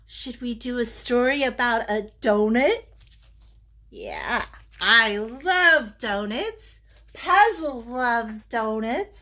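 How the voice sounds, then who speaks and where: A woman's voice: fairly high pitch, big pitch swings, slow, bright, forceful tone. A woman children's librarian reading picture books aloud and chatting animatedly with young listeners. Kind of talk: picture-book read-aloud.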